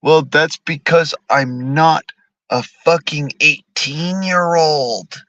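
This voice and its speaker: Profane, heated man in his thirties, bright and dry. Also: a little high, takes it slowly, no room sound, muffled recording. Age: 30s. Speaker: streamer. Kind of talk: angry political rant.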